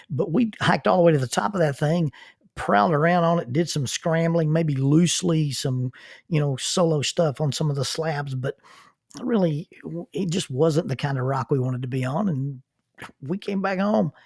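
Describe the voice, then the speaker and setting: A man in his sixties, a minister, hosting a reflective podcast in an earnest manner, dropping to soft near-whispers for emphasis. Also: mid-range voice, slightly rough, dry recording, clean studio sound.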